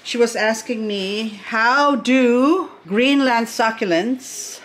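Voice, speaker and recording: A woman's voice: mid-range voice, slow pace. A middle-aged woman chatting casually as she unboxes succulents, gushing over each plant with chatty asides.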